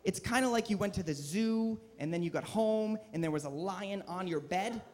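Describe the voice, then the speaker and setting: A man in his twenties performing a deadpan, self-deprecating stand-up set on a comedy club stage into a handheld mic. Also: sits high, moderate pace.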